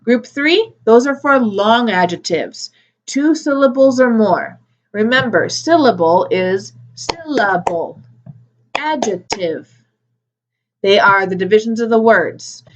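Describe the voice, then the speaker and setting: A woman teaching an English grammar lesson, modelling words slowly and carefully for learners. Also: a little high, expressive, dull audio, slight background noise. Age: adult with a daughter. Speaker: ESL teacher.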